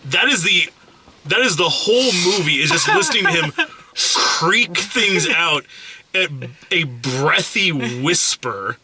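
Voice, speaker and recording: Male co-host, casual rambling film reviewer, swears freely, bright tone. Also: sits high, lively intonation, takes it slowly, slight background noise. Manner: profane, rambling, mocks actors with whispered impressions. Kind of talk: casual chat.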